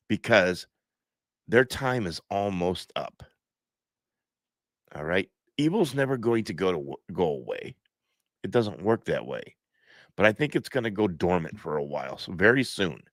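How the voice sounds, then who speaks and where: A man's voice: on the low side, no room sound. A man hosting a live stream from home, stuffed up, talking in a preachy, repetitive way and reading viewer comments aloud.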